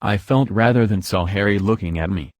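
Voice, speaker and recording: Man, audiobook narrator, low-pitched, dry studio sound, even storytelling. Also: brisk, no room sound. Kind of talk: scripted first-person narration.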